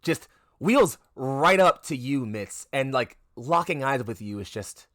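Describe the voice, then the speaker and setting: A man's voice: medium pitch, expressive, measured pace, fairly bright tone, dry recording, clean studio sound. A man narrating a tabletop game as game master, rambling with lots of fillers and restarts. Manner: rambling, filler-heavy, self-correcting.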